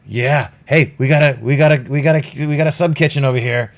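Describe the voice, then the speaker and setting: A man voicing a boisterous, foul-mouthed male city watch captain in a tabletop game, loud and hearty, talking in a rush. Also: medium pitch, steady tone, voice pushed up, close to an everyday voice. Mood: jovial. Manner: loud, swearing, hearty, rushed. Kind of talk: tabletop role-play improvisation.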